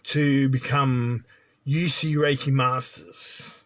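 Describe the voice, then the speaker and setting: A man's voice: mid-range voice, fairly even intonation, slow pace, a bit bright. A man giving a spiritual monologue as a teacher, blunt and lecturing, often checking in with "right?".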